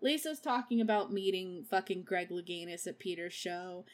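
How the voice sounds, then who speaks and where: A woman's voice: lowish voice, moderate pace. A woman hosting a podcast, recapping a movie in a casual, profane way. She laughs often and gushes over the characters she loves. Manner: gushing about favorite characters. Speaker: podcast host.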